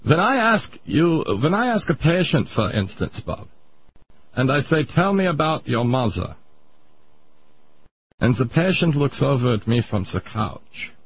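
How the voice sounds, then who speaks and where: A man's voice: fairly high pitch, big pitch swings, a little slow, slight background noise. A man voicing a pompous older Viennese psychiatrist in a radio comedy bit, lecturing in a thick mock-German accent. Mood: smug. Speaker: comedy sketch character. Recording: muffled radio broadcast.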